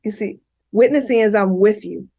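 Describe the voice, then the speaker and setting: A woman's voice: medium pitch, moderate pace, dark tone. Earnest woman in her fifties. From Miami. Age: 50s. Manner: earnest, repeats phrases while explaining. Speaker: podcast guest. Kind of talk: candid conversational interview.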